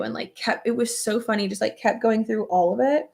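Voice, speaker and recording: A woman's voice: a little high, moderate pace, creaky, few pauses, darkish tone. A young woman chats through a get-ready-with-me video at home, her speech looping through fillers and casual swearing. She sounds open and emotional, laughing easily and sometimes close to tears. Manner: emotional, tearful at times, laughs often. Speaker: beauty vlogger. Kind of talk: casual chat while doing makeup.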